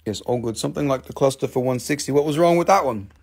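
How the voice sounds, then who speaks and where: A man's voice: fast, hardly any pauses, darkish tone. A middle-aged man hosting a live crystal sale, chatty and playful, showing stones and calling out prices. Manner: playful, chatty, jumps into squeaky high joke voices. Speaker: live-stream crystal seller. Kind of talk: casual live sales chat.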